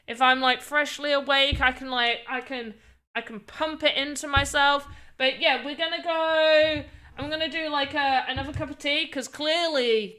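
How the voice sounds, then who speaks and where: Bright-voiced tired British woman streamer. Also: high voice. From Britain. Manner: rambling, self-deprecating, often restarts words. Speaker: livestreamer. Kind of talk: casual live-stream chat.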